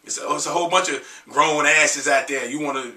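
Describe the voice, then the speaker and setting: Raspy-voiced man chatting loosely, far from mic. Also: a little high, fairly quick, pushed and bright, reverberant. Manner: loose, profane, joking chat between sung snippets. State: getting over a cold. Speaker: R&B singer. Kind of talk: casual vlog with singing.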